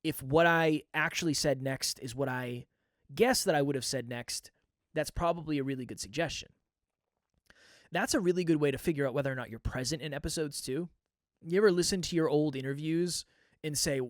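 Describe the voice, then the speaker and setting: Brisk and a little high-pitched, the host of a solo podcast shares candid reflections with a coaching tone. He speaks into a close microphone, recorded dry.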